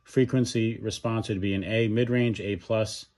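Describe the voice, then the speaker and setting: A man's voice: fairly low pitch, steady tone, moderate pace, a little mellow. A man giving a casual, frank product review, talking freely and often restarting or correcting himself mid-sentence. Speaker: audio gear reviewer.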